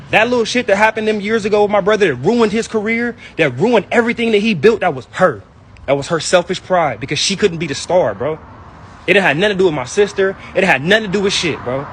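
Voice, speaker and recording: High-pitched, fast-talking man ranting angrily. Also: slight background noise, rough recording. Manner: angry, hurt, repetitive, slangy. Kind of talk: heated personal rant.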